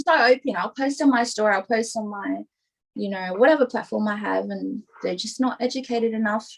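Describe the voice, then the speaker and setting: A woman's voice: medium pitch, brisk, gravelly, poor audio. A young adult woman talking openly as a podcast guest, rambling and filling her talk with "like" and "you know". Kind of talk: casual interview chat.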